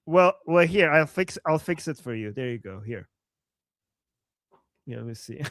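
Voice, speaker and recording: A man from Iran co-hosts a casual live stream, often laughing and amused. He speaks slowly, and his voice is close and dry with no room sound. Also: a little high, animated, a bit bright, dry recording. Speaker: co-host.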